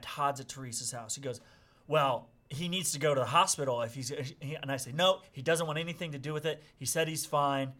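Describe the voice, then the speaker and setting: A middle-aged man tells a long story to friends, jumping between quiet asides and loud acted-out shouts when he quotes people. His voice sounds bright and clear, and the whole telling stays loose and conversational. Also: on the high side. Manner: animated, acts out quotes with loud outbursts. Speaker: podcast guest. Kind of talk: casual storytelling.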